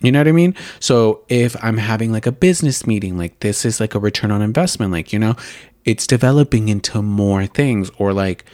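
A young man hosts a makeup podcast and rants in a loose, rambling monologue. His voice sits a little low, and he packs every sentence with "like" fillers and blunt swearing. The sound is dry and close, with almost no room in it. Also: a little fast, darkish tone, dry recording. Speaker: makeup video and podcast host. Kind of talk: casual ranting monologue.

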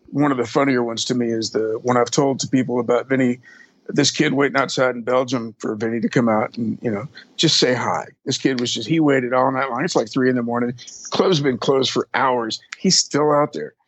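A man's voice: mid-range voice, fairly even intonation, moderate pace. A man being interviewed, telling long, profane stories in a casual, rambling way full of fillers. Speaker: interview guest. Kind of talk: casual storytelling.

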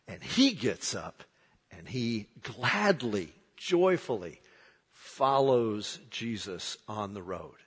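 A man preaching a sermon as pastor, moving from hushed, slow lines to loud, dramatic outbursts. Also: medium pitch, husky. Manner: dramatic, swings from hushed to shouting. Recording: long hall reverb.

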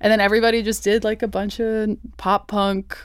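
A woman's voice: medium pitch, brisk, smooth, no echo, studio quality. A woman guest musician in casual podcast chat, telling stories with lots of "like" and acting out other people's lines. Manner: animated storytelling, acts out what others said, many "like"s.

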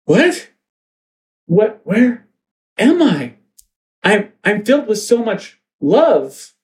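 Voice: medium pitch, sing-song, slow, pitched above the performer's own voice. A narrator voicing a group of bewildered teen girls waking from a trance. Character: dazed, newly awakened teen girls.

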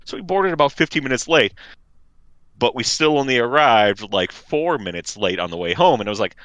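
Rambling man, bright and dry. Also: medium pitch, lively intonation, a little fast, dry recording. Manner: rambling, filler-heavy storytelling. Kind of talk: casual chat. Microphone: remote call mic.

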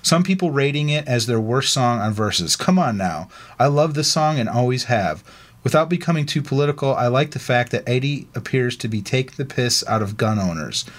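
A man's voice: medium pitch, a bit bright. A man co-hosting a casual podcast, laid-back and chatty, reading a listener's email aloud with asides and laughs. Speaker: podcast co-host.

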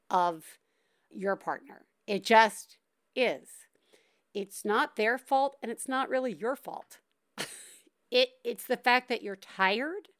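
A woman hosting a podcast reassures a caller in a casual advice chat, rambling loosely, laughing, and using lots of fillers. Her mid-range voice has a fairly bright tone, and the sound is clean studio quality with no echo.

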